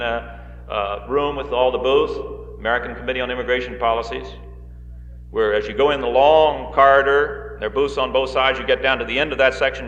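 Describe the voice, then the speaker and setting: A man of medium pitch with a fairly bright tone gives a live political speech to a rally audience as guest speaker in a large hall. He comes across folksy, fond of joking asides, and often hesitates with fillers; the 1960s reel recording of the hall is roomy and dull.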